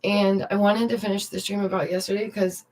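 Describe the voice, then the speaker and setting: A young art teacher and streamer chats casually with her audience from indoors at home, laughing frequently and addressing viewers directly. Her mid-range, darkish voice stays level in tone and runs a little fast.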